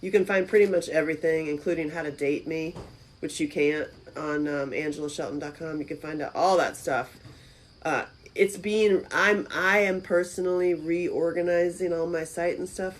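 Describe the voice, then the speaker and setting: A woman hosting a casual livestream from a friend's house on her phone, lively and chatty, reading comments aloud, her voice lower than usual today. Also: slight background noise. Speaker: livestream host. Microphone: phone camera.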